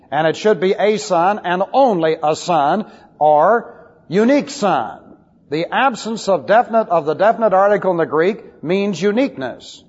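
A man's voice: high-pitched, breathy edge. A man pastor giving an expository Bible lesson to his congregation, emphatic and wry with scornful asides. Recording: muffled old recording in a reverberant hall.

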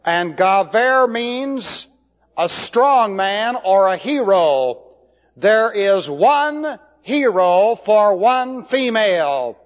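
A man teaching a sermon, slow and deliberate, spelling out Hebrew words letter by letter. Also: high-pitched, sing-song. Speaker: Bible teacher. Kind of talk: expository sermon. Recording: dull lo-fi hall recording.

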